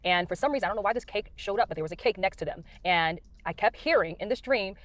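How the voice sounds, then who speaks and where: A middle-aged American woman, a Christian, sits in her car and earnestly recounts her dreams, rambling with lots of fillers in a casual testimony. Her mid-range voice is expressive and races along with few pauses, and the recording has no echo.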